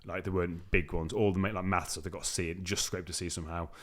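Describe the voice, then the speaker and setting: A man in his thirties, a podcast host, telling his own story in a candid conversation with rapid, emphatic delivery and many restarts. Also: low voice, level tone.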